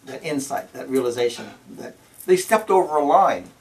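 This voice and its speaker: A man with a gravelly, fry-edged voice teaching on spiritual matters, his speech slow and deliberate. He repeats key words and keeps checking in with "See?" as he goes. He sits a little away from the microphone, so he sounds distant. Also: medium pitch, lively intonation, darkish tone, a little hiss or hum. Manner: tags phrases with "See?" and "You know". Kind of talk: spiritual talk. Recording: voice from a distance to the mic.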